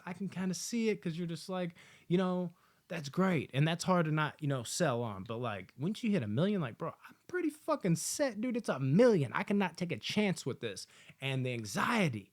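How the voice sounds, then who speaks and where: A man giving a casual, excited movie review, swearing often and acting out lines from the film. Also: high voice, normal speed. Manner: excited, profane, acts out quotes.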